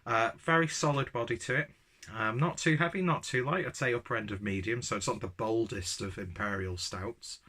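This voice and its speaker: A man's voice: medium pitch, pushed and bright. A man giving a casual, enthusiastic beer tasting review, rambling with ums and joking at his own expense.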